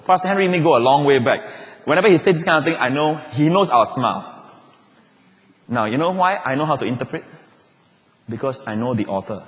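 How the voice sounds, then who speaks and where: A pastor, preaching a lively sermon with jokes and playful asides. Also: male voice, mid-range voice, fast talker, long pauses. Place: large church auditorium. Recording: long reverb of a large hall.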